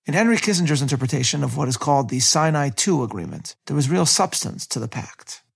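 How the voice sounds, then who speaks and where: A man giving a scripted history narration in a measured way, reading quotations aloud as a lecturer. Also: medium pitch, very animated, vocal fry, slightly rough.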